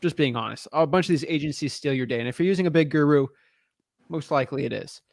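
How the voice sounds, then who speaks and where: A man's voice: on the high side, quick pace, creaky, no echo, studio quality. A man coaching on real estate wholesaling, blunt and casual, calling people man and dude. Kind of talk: casual advice on a call.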